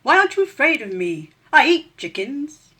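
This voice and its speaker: A woman's voice: high voice, very animated, moderate pace, sharp tone, voice pushed up, exaggerated voice. A woman doing a blustering, boastful rat. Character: boastful hungry male rat, self-important.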